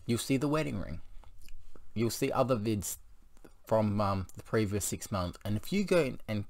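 A man's voice: lowish voice, lively intonation, normal speed, gravelly. A man in his thirties venting in a confessional vlog, rambling, blunt and full of swearing. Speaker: vlogger.

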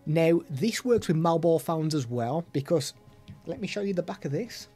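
A man's voice: a little high, warm tone. A man streaming live while demoing audio gadgets, chatty with self-deprecating asides, into a studio microphone. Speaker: streamer reviewing products.

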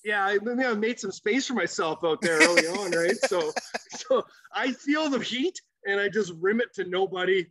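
A man's voice: high voice, moderate pace, heavy background noise. A man, a former pro hockey player, telling swearing, laughing stories as a podcast guest. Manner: animated, profane, laughs while telling stories. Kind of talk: casual storytelling.

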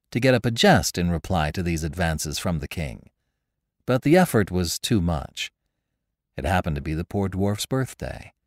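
Deep-voiced man narrating an old tale. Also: no room sound, clean studio sound. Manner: expressive, theatrical storytelling. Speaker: podcast narrator. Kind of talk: dramatic audiobook reading.

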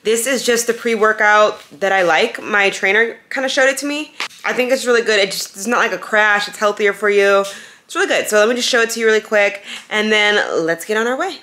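A young woman carries a handheld camera through her day, from home to car to store, chatting casually and cheerfully with her viewers. Her medium-pitched voice sounds pushed and bright, and she tosses in quick asides.

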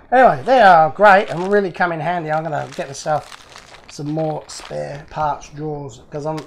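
A man hosting his own channel happily unboxes fan mail, chatting casually and chuckling often. His voice is on the high side and gravelly, with slight background noise.

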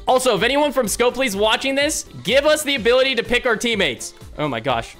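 A young man giving excitable gameplay commentary as a gaming video host, often yelling at his teammates. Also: extremely high pitch, brisk, faint music behind. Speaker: gaming YouTuber.

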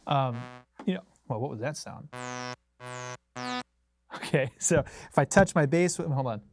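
A man hosting a bass-playing livestream from a recording studio, talking casually with viewers in a laid-back, rambling way and chuckling often. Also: measured pace, vocal fry, music in the background.

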